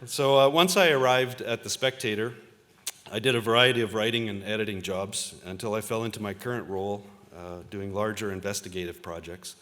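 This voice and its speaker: A man's voice: lowish voice, a little fast, a bit bright. Man speaking in a big hall. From Ontario, Canada. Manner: conversational storytelling, self-deprecating, with frequent uh fillers. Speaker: convocation speaker, journalist. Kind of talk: convocation address with personal stories. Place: large convocation hall. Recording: reverberant hall.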